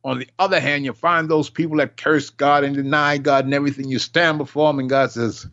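A man's voice: on the high side, fairly even intonation, brisk, few pauses, a bit bright. An older man preaching an impassioned sermon, emphatic and repetitive, acting out the voices he quotes. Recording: dull lo-fi recording.

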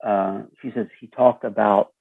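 A man with a raspy voice telling a story as an interview guest, acting out the dialogue with lively shifts. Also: lowish voice, a little slow. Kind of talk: storytelling conversation. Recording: tinny phone line.

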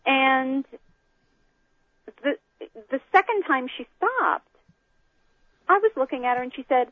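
A woman's voice: high voice, moderate pace, pauses often, no echo. Woman telling a story over a phone line. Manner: animated storyteller, acting out quotes. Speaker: guest. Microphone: phone call.

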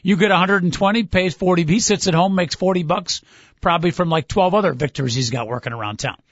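Wry, high-voiced radio host. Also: male voice, fast, a bit bright, dry recording. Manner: wry, chuckling, teasing. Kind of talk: casual sports radio banter. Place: radio studio. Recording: muffled lo-fi radio broadcast.

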